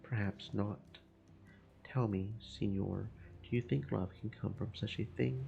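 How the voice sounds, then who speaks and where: A man streaming a game, reading its narration slowly and steadily. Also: fairly low pitch, creaky, mellow, lo-fi sound.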